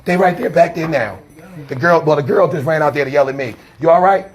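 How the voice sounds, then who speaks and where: A man's voice: on the high side, a little fast, a little hiss or hum. Agitated man preaching back. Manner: agitated, rambling and defensive, often turning to plead with older women. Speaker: street preacher. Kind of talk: heated confrontation filmed on camera.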